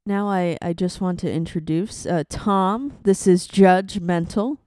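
Low-voiced woman hosting a comedy podcast. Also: measured pace, dark tone, no room sound, studio quality. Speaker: host.

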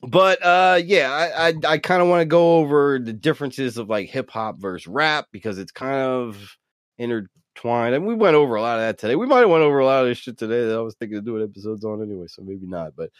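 A man's voice: mid-range voice, fast, dry recording. East coast guy cohosting a podcast, swears a lot, hyped, dry close mic. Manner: loose, profane and enthusiastic, trails off. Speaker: podcast co-host. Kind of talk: casual podcast chat.

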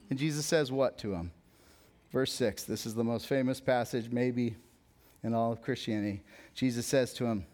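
A young man preaching a sermon as a pastor, conversational and jokey, telling stories, then dropping soft for emphasis. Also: mid-range voice, a little fast. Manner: conversational, jokey storytelling with sudden soft drops.

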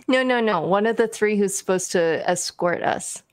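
A woman playing a tabletop game, talking in a bubbly, animated way. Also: mid-range voice, measured pace, clean tone. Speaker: player. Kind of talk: casual tabletop game chat.

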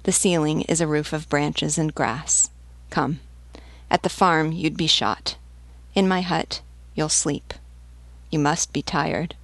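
A woman's voice: low-pitched, slow pace, dry recording, exaggerated voice. A woman voicing a shabby, white-haired old male beggar who speaks plainly and steadily. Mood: urging.

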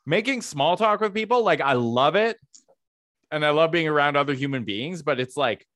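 A man's voice: fairly high pitch, animated, normal speed, fairly bright tone, no room sound. A man co-hosting a podcast in casual chat, with dry teasing banter and casual swearing. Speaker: podcast co-host.

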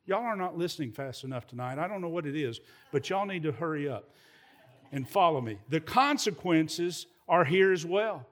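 A man delivers an animated sermon in a slightly high voice. He stumbles and repeats words as he goes and turns to the congregation with folksy, chatty asides. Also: normal speed. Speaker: pastor.

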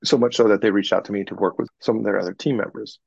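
A man working as a communication coach, telling animated stories about clients and acting out what they said in an interview. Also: lowish voice, rapid-fire, gravelly, breathy edge, dry recording, muffled recording. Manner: animated anecdotes, acts out clients in quoted voices. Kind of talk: podcast interview, storytelling.

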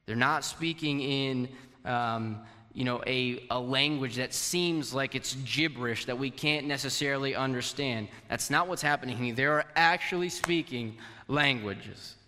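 A man's voice: medium pitch, a little slow, sharp tone. A man whose first language is Portuguese, preaching a conversational sermon to a congregation and asking them questions. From Portuguese-speaking country. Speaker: pastor. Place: church hall. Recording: long hall reverb.

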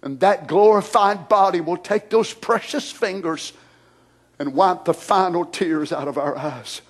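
Husky-voiced preacher, hushed to shouting. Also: male voice, fairly high pitch, slow, pauses often. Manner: swings from hushed whispered prayer to loud shouted preaching. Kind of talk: sermon prayer.

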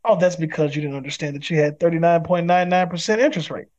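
A man's voice: a little high, fast, darkish tone, muffled recording. A man who is a pastor, a guest on a podcast interview, speaking in an emphatic, preacherly way. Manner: acts out quoted people in other voices.

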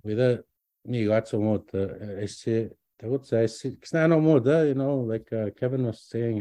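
A man's voice: medium pitch, normal speed, dark tone, no echo. A middle-aged man, a language teacher, casually telling his own story in a rambling way, with many restarts. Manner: rambling, restarts often, mixes in words from another language. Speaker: language teacher and doctoral student.

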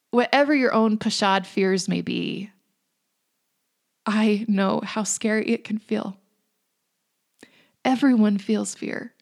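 A woman in her thirties giving a reflective devotional talk in a gentle, earnest way, sometimes dropping to a hush. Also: on the high side. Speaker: faith speaker.

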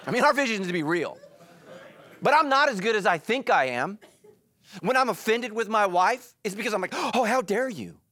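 A middle-aged man preaching a sermon in church, animated and joking, breaking into quick quoted voices. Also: high voice. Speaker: pastor. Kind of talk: energetic sermon.

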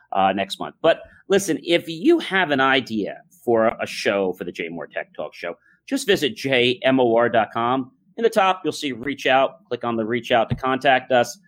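Calm, earnest male show host. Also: medium pitch. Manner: earnest, calm storytelling with many fillers. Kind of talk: casual podcast talk.

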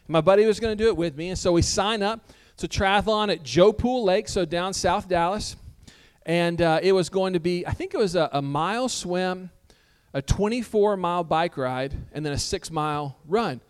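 High-voiced, smooth-toned pastor. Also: male voice, moderate pace. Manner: relaxed, self-deprecating storytelling with humor. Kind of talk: conversational sermon. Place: church sanctuary before a congregation.

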